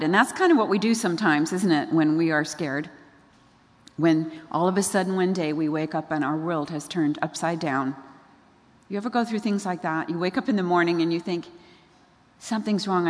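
Woman preaching, chatty, keeps asking the room questions, lowish voice, long echo like a big hall. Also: brisk. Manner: conversational, asks the audience questions. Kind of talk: sermon. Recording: long reverb of a large hall.

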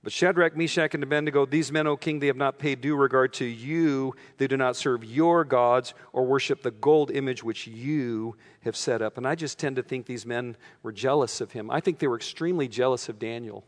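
A man's voice: medium pitch, brisk, hardly any pauses, long reverb tail. A man preaching a sermon as a pastor, earnest and conversational, acting out the quoted lines with feeling.

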